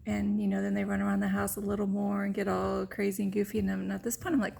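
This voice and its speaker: A woman's voice: medium pitch, level tone, quick pace, vocal fry, few pauses, darkish tone, husky. A woman vlogger telling a candid personal story straight to the camera, open and rambling, with many "like"s and "you know"s.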